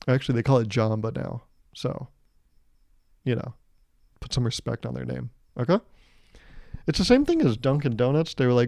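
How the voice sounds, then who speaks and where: A man's voice: medium pitch, animated, moderate pace, vocal fry, pauses often, a little mellow, no room sound. A man in his twenties hosting a solo podcast, rambling and joking, acting out quotes as he mocks himself. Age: 20s. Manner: rambling, joking, self-mocking with acted-out quotes. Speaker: podcast host. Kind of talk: casual solo podcast monologue.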